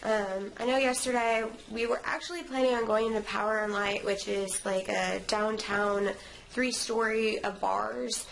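A woman's voice: medium pitch, fairly even intonation, measured pace, gravelly, fairly bright tone, a little hiss or hum. A young woman vlogging from her couch at home, sleepy and tired, rambling in a chatty way. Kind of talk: casual vlog chat.

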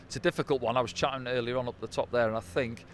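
A man's voice: medium pitch, fairly even intonation, very fast. A man chatting as a football pundit, giving post-match analysis in a conversational way and often ending points with tag questions. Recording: faint outdoor traffic noise.

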